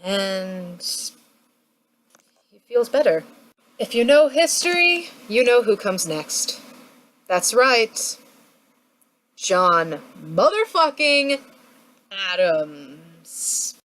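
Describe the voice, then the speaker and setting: A woman's voice: medium pitch, big pitch swings, drawn-out words, pauses often, a bit bright. A woman retelling history as a casual comic vlog, joking and playfully acting out what people said, recorded on a home webcam mic. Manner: playful, jokey, acts out quotes in silly voices. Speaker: history vlogger.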